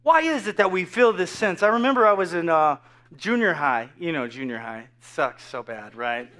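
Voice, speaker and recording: A man's voice: a little high, lively intonation, moderate pace, bright, forceful tone. A man in his thirties preaching a casual, joking sermon full of asides to the congregation. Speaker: pastor. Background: faint crowd.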